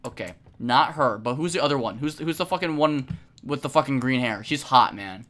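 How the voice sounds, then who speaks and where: A young woman streaming a game, giving casual commentary with lots of swearing and sudden shouts. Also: rumbling low, fairly quick. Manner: profane, excitable, frequent shouting.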